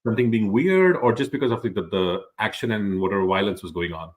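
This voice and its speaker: Low-voiced man, keen book reviewer. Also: quick pace. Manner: enthusiastic, filler-heavy with "like, you know". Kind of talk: casual book chat.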